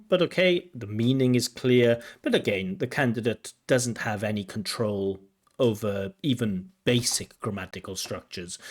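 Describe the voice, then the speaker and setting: A man working as an IELTS examiner, giving spoken feedback on a candidate's answers in a corrective, explanatory way. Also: lowish voice. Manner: explanatory, corrective, pauses to replay and comment.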